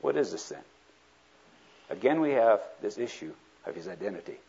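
A male preacher giving a sermon, lively and acting out the people he quotes. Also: mid-range voice, moderate pace, creaky, slightly rough. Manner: animated, acts out quoted speakers. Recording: dull lo-fi recording.

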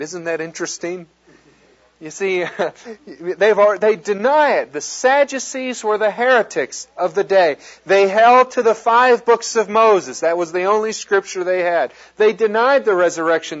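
A man preaching a sermon, reading scripture aloud and breaking off with excited asides and jokes. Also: sits high. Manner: animated, quoting scripture and joking with the audience. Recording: dull lo-fi sound.

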